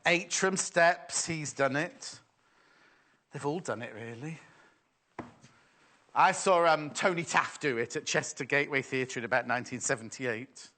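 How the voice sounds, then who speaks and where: A man's voice: medium pitch, measured pace, pauses often, bright, forceful tone. A middle-aged man presenting live sales on TV, chatty and teasing as he banters with his crew. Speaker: shopping channel presenter.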